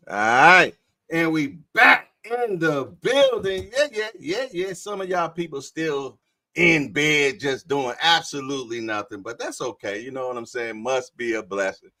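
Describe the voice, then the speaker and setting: Male stream host, slangy and jokey, reads chat aloud and laughs a lot; unhurried delivery, bouncy pitch. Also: animated, pushed and bright, dry recording, studio quality. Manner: laughs often and reads viewer comments aloud; loose, joking and slangy. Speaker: livestream host. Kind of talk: casual live-stream chat.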